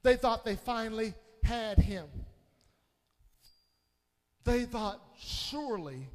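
A man preaching a sermon as pastor, calling on the congregation and swinging between shouted peaks and hushed low passages. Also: fairly even intonation, slow pace. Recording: long hall reverb.

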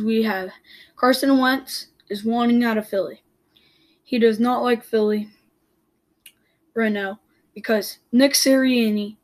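A young man hosting his own sports podcast, giving blunt opinions in a rambling way, full of restarts and repeated words. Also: high voice. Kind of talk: casual solo sports commentary.

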